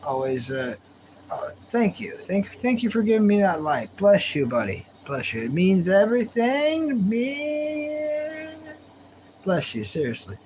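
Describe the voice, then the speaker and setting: A man with a slightly high, mellow voice and big pitch swings talks at a moderate pace while streaming live from home, on a rough recording with some hiss or hum. Laid-back and drawling, he chats casually with viewers and laughs frequently.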